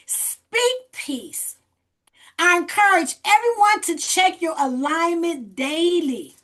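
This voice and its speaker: High and sharp-toned, her voice carries as she hosts a group video call. She energetically coaches and encourages the participants, repeating phrases for emphasis.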